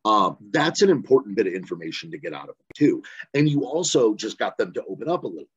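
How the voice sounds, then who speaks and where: Male trainer, casual and rambling, lowish husky voice, dry dull video-call audio. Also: big pitch swings, quick pace, dry recording. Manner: conversational, rambling, many fillers and "right?" asides. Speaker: phone banking trainer. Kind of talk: casual virtual training talk. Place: home room, virtual session. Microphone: video call mic.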